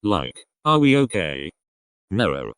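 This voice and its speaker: A young man giving casual, excitable reaction commentary as a fan, swearing often and gushing. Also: on the low side, normal speed, background noise. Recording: loud music under voice.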